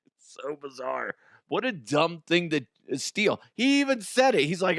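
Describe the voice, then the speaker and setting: A man's voice: on the high side, sing-song, moderate pace, creaky, a bit bright, no room sound, clean studio sound. A man hosting a comedy news show, reacting with swearing and laughter. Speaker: host.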